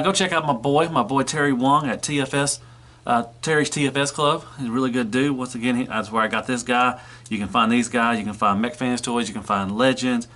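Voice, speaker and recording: A man's voice: medium pitch, sharp tone. A man giving a casual toy review, rambling and filling gaps with "you know".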